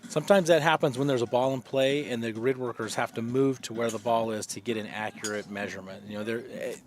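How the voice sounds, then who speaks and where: A man's voice: mid-range voice, steady tone, fast talker. A man giving live long-drive golf commentary, chatty and explanatory, often using fillers.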